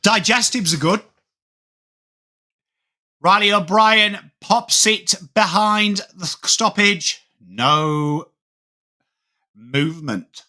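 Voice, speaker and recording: A high-voiced man with a bright, sharp tone chats casually with his viewers on a live watchalong. He calls the match as it happens, and his voice jumps up in excitement on big plays. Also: drawn-out words, pauses often. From England. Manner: chatty, reads out viewer comments, rises excitedly on plays. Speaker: watchalong streamer. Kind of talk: live game commentary mixed with chat.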